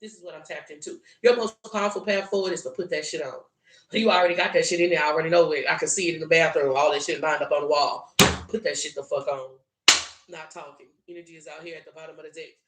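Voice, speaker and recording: A woman's voice: deep voice, fairly even intonation, quick pace, roomy sound, slight background noise. A woman with a South Louisiana Southern drawl giving a blunt, profane, preachy tarot reading. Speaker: tarot reader. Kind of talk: solo tarot reading monologue.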